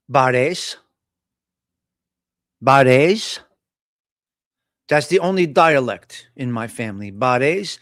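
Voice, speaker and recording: A middle-aged man, hosting a casual live coffee talk show and chatting in an animated, storytelling way. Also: mid-range voice, dry recording, studio quality. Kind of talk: casual live-stream chat.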